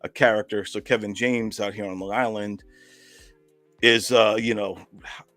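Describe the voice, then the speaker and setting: A man's voice: fairly low pitch, fairly even intonation, moderate pace, a bit bright, faint music behind. A man, a filmmaker and comedian, telling a rambling anecdotal story in casual chat over a video call.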